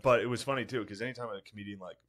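A man in relaxed podcast banter, telling rambling stories full of curses and "dude". His voice sits a little low for a man. He chats easily with his co-host. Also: rapid-fire. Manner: loose, profane storytelling with frequent "dude". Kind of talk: casual chat.

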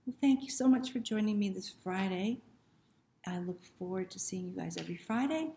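A woman hosting a children's story time, talking gently and encouragingly to young children, sometimes dropping to a soft whisper. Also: on the low side, very animated, a little fast, gravelly, echoey room, slight background noise.

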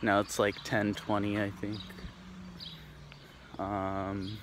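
Slow, rambling young man outdoors. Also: fairly low pitch. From Tacoma, Washington, USA. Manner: rambling, relaxed, many fillers and restarts. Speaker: vlogger. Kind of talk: casual walking vlog. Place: outdoors, walking through a residential neighborhood. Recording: faint outdoor background noise.

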